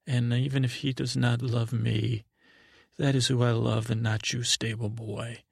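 Gravelly, husky man rambling in character. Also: mid-range voice, little pitch movement, no room sound, studio quality. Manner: rambling, halting, full of restarts; naive, childlike storyteller persona. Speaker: comedy podcast host. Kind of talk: improvised in-character comedy storytelling.

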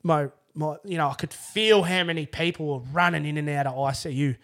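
Speaking a little fast in a slightly bright, higher voice, this young Australian podcast guest rambles through a long story during a casual interview. He restarts often and swears without hesitation.

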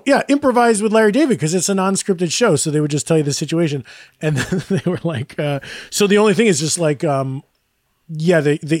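A man's voice: a little high, darkish tone, no room sound, clean studio sound. A man co-hosting a podcast, telling rambling, self-deprecating stories and laughing often. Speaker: podcast co-host. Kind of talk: casual chat.

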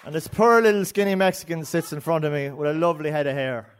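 An Irish man telling a story live on stage, in an animated, rambling way. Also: a little high, fast talker, a little hiss or hum. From Ireland. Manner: rambling and animated, with frequent restarts and laughs.

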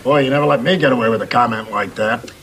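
A man's voice: medium pitch, fast, a bit bright, lightly acted. An actor playing a dry, wry older father in a sitcom. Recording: noisy sitcom broadcast audio.

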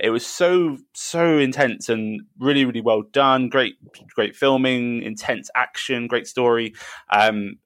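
A man's voice: on the low side, a bit bright, dry recording. A man with a British accent hosting a film podcast, chatting easygoing and enthusiastic with many ums. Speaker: podcast host. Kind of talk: casual chat.

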